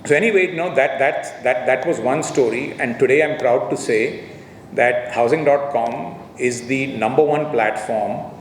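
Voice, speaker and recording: A man's voice: mid-range voice, moderate pace, slight background noise. A middle-aged man giving a convocation speech to graduates, telling a business story with acted-out dialogue and frequent "you know"s. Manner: anecdotal, acts out quoted dialogue, repeats words and says "you know". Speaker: convocation guest speaker. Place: large hotel ballroom. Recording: echoey hall, heard from afar.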